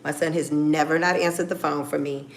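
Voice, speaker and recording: A middle-aged woman tells a story straight to her viewers in a deep voice. Her talk is blunt and full of swearing, and she acts out each phone call. Her voice has a gravelly rasp with a faint hiss behind it. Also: steady tone, a little fast. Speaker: vlogger. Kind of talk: casual storytelling.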